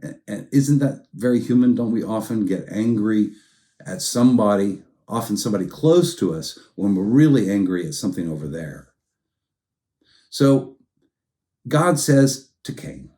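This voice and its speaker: Guy pastor giving a sermon, chatty, acts out the quotes, warm mellow voice. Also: lowish voice, expressive, moderate pace. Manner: conversational storytelling, acts out quotes in different tones.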